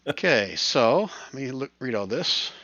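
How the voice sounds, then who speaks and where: Dungeon master, male, matter-of-fact narration, bright tone, dull online-call sound. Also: mid-range voice, lively intonation, measured pace, no room sound. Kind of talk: narrating a tabletop game. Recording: lo-fi voice chat audio.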